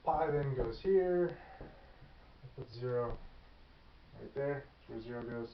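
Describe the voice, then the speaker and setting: A man's voice: medium pitch, slow pace, slight background noise. Casual man lecturing in an echoey classroom. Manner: casual, thinking aloud, self-correcting. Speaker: math teacher. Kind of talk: whiteboard lecture. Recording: echoey classroom, far from the mic, dull.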